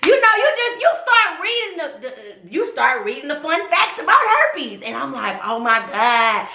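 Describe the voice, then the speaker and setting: A young woman on a live stream, telling a personal story in a profane, animated, slangy way. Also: very high voice, moderate pace, gravelly, background noise. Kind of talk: casual storytelling to a live audience. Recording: echoey room.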